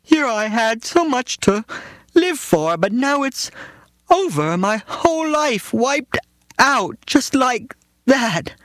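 A man voicing a dying orange cat that wails slowly and melodramatically. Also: extremely high pitch, big pitch swings, a bit bright, no room sound, pitched above the performer's own voice, heavily acted. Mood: self-pitying. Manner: slow, wailing and melodramatic. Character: dying orange cat, self-pitying and accusing.

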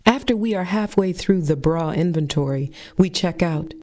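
A woman telling a personal story as a performance, with wry, deadpan humor. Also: on the low side, moderate pace, hardly any pauses.

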